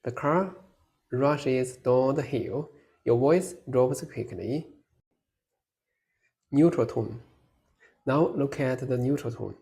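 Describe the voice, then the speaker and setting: A man teaching a beginners' pronunciation lesson in a scripted, deliberate way, holding out model syllables for the listener to repeat. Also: medium pitch, creaky, warm tone. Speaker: language teacher.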